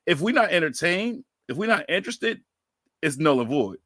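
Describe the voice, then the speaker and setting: A man in his thirties with a slightly high voice hosts a casual podcast chat. He tells lively stories and keeps slipping into quoted voices. The sound is close and dry. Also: normal speed, no echo. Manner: animated storyteller, acts out quoted voices. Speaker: podcast host.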